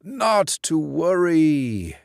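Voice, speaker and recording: A man voicing a courteous old grandfather who speaks slowly and formally. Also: fairly high pitch, big pitch swings, vocal fry, no room sound, clean studio sound, voice pushed up, full character voice. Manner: slow, gracious, formal.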